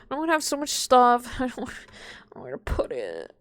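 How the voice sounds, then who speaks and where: A woman's voice: a little high, huge pitch swings, measured pace, dry recording. A young adult woman streaming a game from home, rambling and swearing casually and laughing often as she chats to viewers. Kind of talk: casual gaming stream chat.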